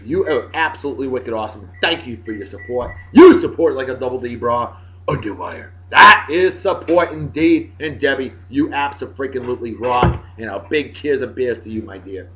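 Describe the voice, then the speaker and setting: Boisterous man giving loud shout-outs. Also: medium pitch, slight background noise. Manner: boisterous, jokey, swings loud and soft. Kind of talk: casual video blog chat. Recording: dull lo-fi sound.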